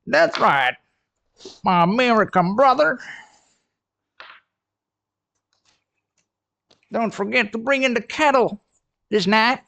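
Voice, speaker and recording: A man doing a jokey, hearty Texan cowboy, high and drawling, a bit off-mic, dry sound. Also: lively intonation, measured pace, gravelly, pushed and bright, exaggerated voice.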